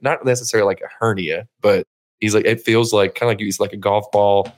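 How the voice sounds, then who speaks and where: Casting: male podcast co-host, mid pitch, crude rambling storyteller. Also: expressive, rapid-fire. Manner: rambling storyteller, profane, acts out voices. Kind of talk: casual crude chat.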